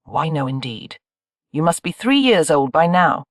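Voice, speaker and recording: Reader doing a contrite young woman, soft and humble, dry close sound. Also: mid-range voice, sing-song, measured pace, no echo.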